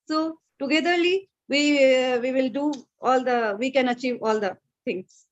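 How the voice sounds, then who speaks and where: High-voiced student on a video call. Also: female voice, moderate pace. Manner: earnest, formal. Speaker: student speaker. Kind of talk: formal thank-you speech. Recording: dull video-call audio.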